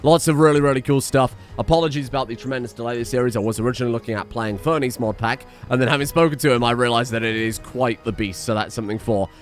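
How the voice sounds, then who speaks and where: A man hosting a let's play, narrating as he goes with excitable, jokey asides and frequent swearing, his voice strained from shouting. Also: mid-range voice, fast, hardly any pauses, soft background music. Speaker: gaming channel host.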